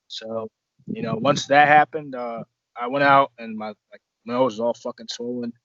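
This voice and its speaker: A man's voice: mid-range voice, very animated, unhurried, creaky, fairly bright tone, dry recording. A man, a pro wrestler, telling stories as a podcast guest in a rambling, profane way, with a lot of restarts. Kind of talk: casual podcast storytelling. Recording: dull lo-fi dry sound.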